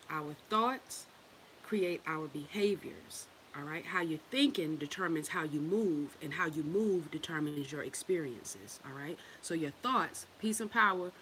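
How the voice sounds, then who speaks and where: A woman's voice: deep voice, a bit bright, a little hiss or hum, low-quality recording. A woman giving a casual spiritual talk to her viewers. She is loose and profane, laughs often and repeats phrases for emphasis. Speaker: spiritual teacher.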